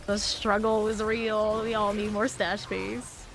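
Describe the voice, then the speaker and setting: A woman's voice: medium pitch, fairly even intonation, slow, few pauses. A woman streaming a game live, rambling chattily and laughing often as she plays. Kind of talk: live gameplay commentary.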